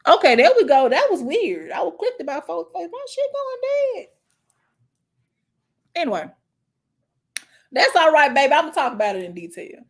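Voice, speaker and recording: A woman hosting a casual talk stream, telling stories in a lively, preachy way, calling listeners child and honey and mocking others in put-on voices. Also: high voice, brisk. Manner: animated, preachy storytelling with mocking impressions. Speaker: host.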